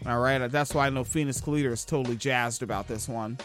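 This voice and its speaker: A man's voice: mid-range voice, fairly even intonation, fast talker, fairly bright tone, soft background music. A man hosting a casual news podcast, sarcastic and profane as he reacts to clips. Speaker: podcast host.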